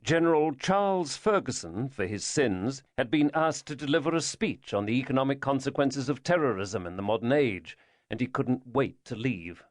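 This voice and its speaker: A man narrating a thriller audiobook in a measured storytelling manner. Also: mid-range voice, animated, no room sound, studio quality. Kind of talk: scripted narration.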